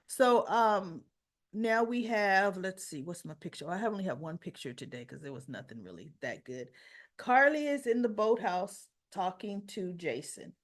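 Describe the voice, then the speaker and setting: A woman's voice: mid-range voice, expressive, moderate pace. A woman retelling a soap opera episode in a chatty, casual way, often adding "you know" and "right?".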